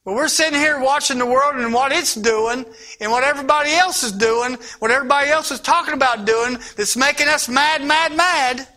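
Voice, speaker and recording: Guy preaching, real high bright voice, gets loud then drops to a near whisper. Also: fairly quick. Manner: impassioned preaching that swings from loud to hushed. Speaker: pastor. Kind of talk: sermon.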